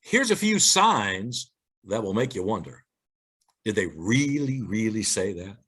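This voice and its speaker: A man's voice: fairly low pitch, sing-song, a little slow, a bit bright, breathy edge. A male pastor telling funny stories and reading church signs in a light-hearted sermon, acting out the characters as he goes.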